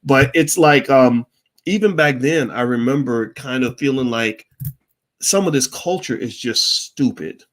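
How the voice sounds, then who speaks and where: A middle-aged man hosting a Q&A stream, telling a story in a blunt, profane, animated way. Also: medium pitch, a little slow. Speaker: host of a Q&A stream. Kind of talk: candid storytelling monologue.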